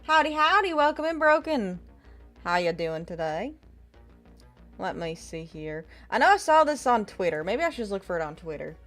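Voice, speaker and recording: A woman's voice: mid-range voice, normal speed, faint music behind. A woman streamer putting on a folksy American Southern accent while greeting her chat. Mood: playful. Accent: put-on American Southern. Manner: lively, drawling, greets viewers with howdy. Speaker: game streamer. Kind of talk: casual live-stream chat.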